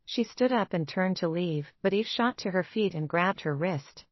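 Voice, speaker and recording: A woman giving scripted romance narration in an even, steady reading. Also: lowish voice, moderate pace, few pauses, no room sound, muffled recording.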